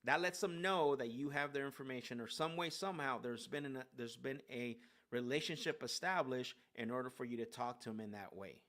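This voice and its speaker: Man, sales coach, casual talk, mid-range pitch, rambling, lots of fillers, restarts sentences. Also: brisk, a bit bright. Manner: rambling, filler-heavy, keeps asking "right?".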